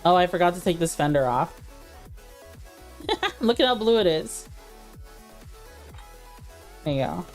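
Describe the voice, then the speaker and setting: Chatty low-voiced woman streamer. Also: very animated, measured pace, long pauses, soft background music. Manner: chatty, laughs easily, talks to chat. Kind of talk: casual gameplay chat.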